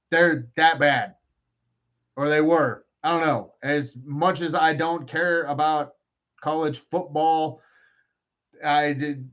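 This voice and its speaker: A man's voice: fairly high pitch, a bit bright, lo-fi sound. A man hosting a casual live-stream podcast, rambling and trash-talking with lots of swearing and jokes. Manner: profane, joking, rambling trash talk. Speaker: podcast host.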